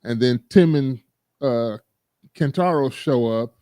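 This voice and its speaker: Mellow-voiced man recapping with laughs. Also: mid-range voice, slow, dry recording. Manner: animated storytelling, laughs often. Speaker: podcast host recapping an episode. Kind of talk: casual chat.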